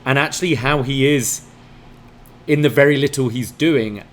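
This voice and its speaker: Man, medium pitch, casual podcast, enthusiastic breakdowns, lots of ums. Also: moderate pace, a bit bright. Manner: enthusiastic analysis with frequent fillers. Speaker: wrestling show reviewer.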